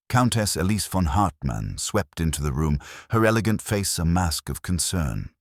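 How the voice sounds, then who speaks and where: Super deep guy reading a mystery audiobook, husky, lively pitch. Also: dry recording, clean studio sound. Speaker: narrator. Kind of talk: scripted audiobook narration.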